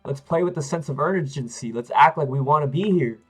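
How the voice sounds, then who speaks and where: A man's voice: fairly high pitch, brisk, hardly any pauses, a bit bright, breathy edge, faint music behind, rough recording. A man streaming chess games live, talking to himself and his viewers as he plays, swinging between hype and frustrated muttering. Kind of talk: live-stream commentary while playing.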